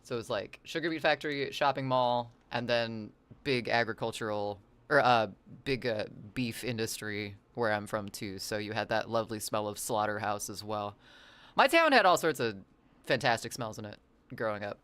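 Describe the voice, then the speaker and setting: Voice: medium pitch, lively intonation, moderate pace, fairly bright tone, smooth, no echo. Rambling, chatty game streamer. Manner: rambling and chatty, reads chat aloud and answers it; playful wordplay and silly asides. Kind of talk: casual live-stream chat while gaming.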